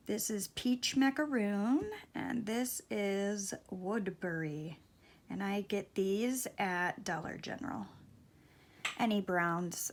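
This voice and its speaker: A middle-aged woman giving a casual nail tutorial at home, talking slowly and softly, often dropping to near-whispers. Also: mid-range voice, vocal fry. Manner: slow, soft-spoken, drops to near-whispers. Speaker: beauty vlogger. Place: home, at a table.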